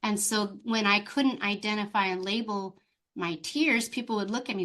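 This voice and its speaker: A middle-aged woman speaking as a coach guest in a relaxed interview. She tells her story with animated, expressive energy, and her voice sits at an ordinary pitch. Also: moderate pace. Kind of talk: conversational interview.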